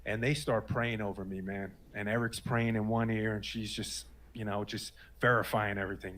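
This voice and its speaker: A man's voice: lowish voice, steady tone, normal speed, hardly any pauses, pushed and bright. Earnest rambling man in his thirties. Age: 30s. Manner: rambling, earnest, full of fillers. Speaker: guest sharing a personal story. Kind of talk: casual spoken testimony.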